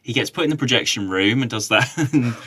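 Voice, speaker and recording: A man's voice: mid-range voice, brisk, bright, forceful tone, breathy edge. A man co-hosts a casual podcast chat. He talks in an easygoing way and laughs often. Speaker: podcast co-host.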